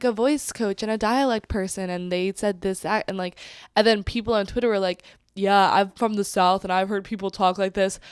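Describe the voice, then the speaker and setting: A woman's voice: mid-range voice, smooth, no echo, clean studio sound. A woman in her twenties co-hosting a podcast, chatting casually and bluntly. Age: 20s. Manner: blunt, jokingly harsh movie critic. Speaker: podcast co-host. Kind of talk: casual chat.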